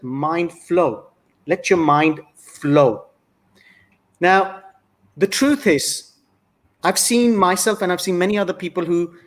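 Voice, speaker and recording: A man speaking as a guest on a talk show, earnest and reflective, often restarting his phrases. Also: a little high. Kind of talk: conversational monologue.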